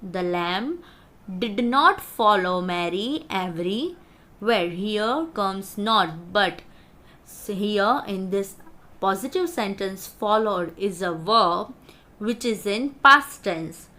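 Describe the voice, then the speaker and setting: A woman teacher giving a grammar lesson to schoolchildren, explaining slowly and spelling out words. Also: medium pitch, animated, pushed and bright.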